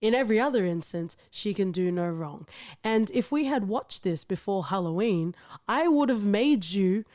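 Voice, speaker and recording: A woman's voice: mid-range voice, animated, moderate pace, warm tone, dry recording, clean studio sound. A woman with an Australian accent hosting a podcast, chatting in a playful, teasing way. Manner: playful, teasing, laughs often. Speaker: podcast host. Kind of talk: casual podcast chat.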